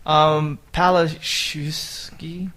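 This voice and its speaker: A man with a fairly high speaking voice hosts a relaxed podcast chat. He jokes around and swears now and then. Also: very slow. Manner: chatty, jokey, swears casually. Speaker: podcast host. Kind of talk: casual chat.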